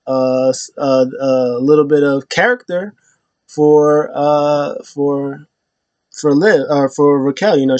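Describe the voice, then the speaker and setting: A man casually recapping wrestling, rambling with lots of fillers and restarts, jumping into loud high voices when he quotes people. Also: no echo, lo-fi sound.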